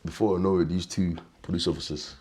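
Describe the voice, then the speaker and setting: A man, telling a painful personal story as an interview guest, halting and repeating words, often quiet and subdued. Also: low voice, steady tone, slightly rough.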